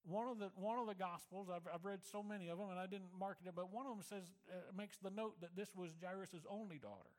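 A man preaching a sermon, retelling a story in a conversational way, often repeating words and dropping to a quiet, low voice for emphasis. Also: quick pace, hardly any pauses, low-quality recording. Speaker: pastor.

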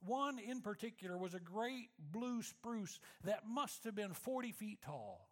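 A man speaking to his church, telling a personal story in a reflective manner that slows and softens for emphasis. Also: high voice, big pitch swings. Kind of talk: storytelling sermon.

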